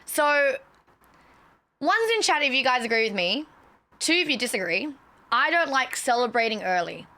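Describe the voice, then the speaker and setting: A woman streamer chatting casually to her viewers, excitable and swearing freely. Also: high-pitched, moderate pace. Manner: excitable, swears a lot, talks straight to chat.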